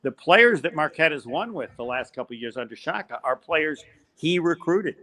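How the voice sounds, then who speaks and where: An older man, a college basketball play-by-play announcer, telling animated stories as a podcast guest. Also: on the high side, moderate pace. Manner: animated storyteller, acts out quoted voices. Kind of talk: storytelling in a podcast interview.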